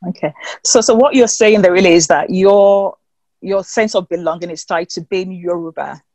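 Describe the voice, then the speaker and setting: A webinar host moderates a panel over a video call. The delivery is thoughtful and searching, full of small restarts. The sound is dry and close, at an ordinary middle pitch. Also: normal speed, darkish tone, dry recording, poor audio. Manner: thoughtful, with restarts and frequent affirmations.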